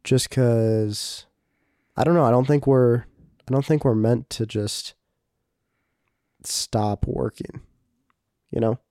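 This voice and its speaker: A man's voice: medium pitch, fairly even intonation, slow pace, pauses often, warm tone, no echo, studio quality. A man co-hosting a casual podcast, easygoing and hesitant as he thinks aloud. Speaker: podcast co-host.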